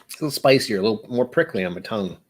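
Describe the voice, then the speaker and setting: A man with a somewhat low voice talks his way through a live tasting session. He muses aloud and wanders off track, then gently pokes fun at himself. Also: animated, racing, husky. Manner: rambling, musing, self-deprecating. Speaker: host of a whiskey tasting stream. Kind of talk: casual live-stream chat while tasting.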